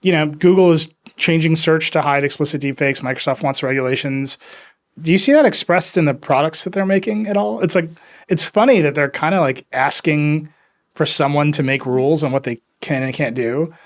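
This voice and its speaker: A male podcast host with a slightly higher voice, talking in a loose, rambling way about tech news. He is wry and drops in quick quoted asides. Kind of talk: casual tech chat.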